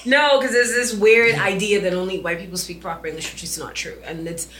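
A woman's voice: mid-range voice, fairly even intonation, fairly quick. Young Bahamian woman, podcast co-host, chatty filler-heavy delivery, echoey room with slight background noise. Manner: chatty, lots of "like", drifts quieter at ends of phrases. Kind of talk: casual chat.

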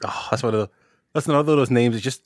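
A man's voice: medium pitch, rapid-fire, no echo. Easygoing Scottish man, dry sound. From Scotland. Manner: easygoing, relaxed, rambling. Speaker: podcast guest. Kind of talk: casual podcast chat.

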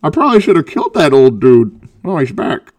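A man putting on a loud, flustered brutish male villain in a casual movie recap. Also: a little high, huge pitch swings, brisk.

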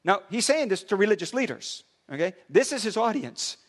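A man preaching a sermon, conversational and animated, often repeating words as he builds his point. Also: sits high, brisk. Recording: long hall reverb.

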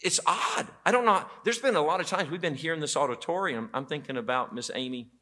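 A man's voice: fairly high pitch, brisk. A man preaching a sermon as pastor in a church auditorium, telling stories with quoted voices. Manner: animated storytelling with quoted voices.

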